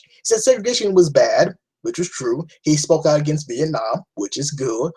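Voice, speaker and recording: Husky-voiced young man ranting bluntly. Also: fairly high pitch, lively intonation, fairly quick, hardly any pauses, darkish tone, low-quality recording. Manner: rambling, blunt, swears often, frequent restarts. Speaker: vlogger. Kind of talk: casual opinion rant.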